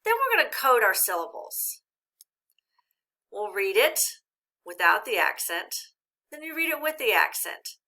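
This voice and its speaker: A woman teacher giving a recorded reading lesson, speaking slowly and clearly and encouraging young learners. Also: fairly high pitch, big pitch swings, bright, forceful tone.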